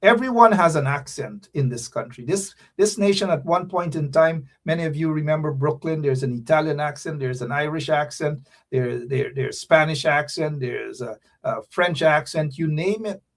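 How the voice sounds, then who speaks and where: Man, stream host, preachy sign-off, repeats lines, fairly high voice. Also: moderate pace, hardly any pauses. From Guyana. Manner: preachy, repeats phrases, addresses viewers directly. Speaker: show host. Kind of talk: casual live-stream sign-off.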